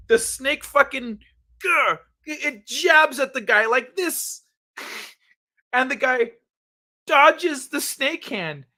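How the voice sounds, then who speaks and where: A man hosts a late-night live stream in a relaxed, profane chat. He acts out funny stories with bursts of sound effects. His voice is high and bright. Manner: laid-back, profane, animated storytelling.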